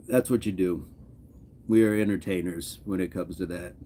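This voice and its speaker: A man in middle age talks to his livestream viewers in a relaxed, joking manner, with a fairly low voice. He chuckles often between remarks. There is a faint background hiss. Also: moderate pace. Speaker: livestream host. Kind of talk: casual livestream chat, reading viewer comments.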